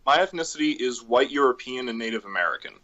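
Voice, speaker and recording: Excited guy guest on a video call, trips over words, mid voice. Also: mid-range voice, fast, lo-fi sound. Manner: eager, stammering restarts. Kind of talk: casual interview chat.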